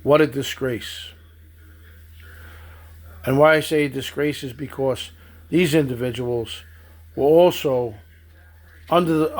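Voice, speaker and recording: A man giving a stern political monologue, accusing and addressing people directly. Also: medium pitch. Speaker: political commentator.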